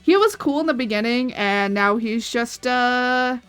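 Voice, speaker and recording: A woman's voice: on the high side, measured pace, a bit bright, clear, resonant tone. A woman chatting casually on her art livestream, rambling and giggling as she retells stories. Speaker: streaming artist. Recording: faint background music.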